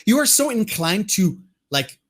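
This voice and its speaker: A man co-hosting a casual movie podcast, animated, swearing freely and laughing often. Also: high-pitched, unhurried. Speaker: podcast co-host.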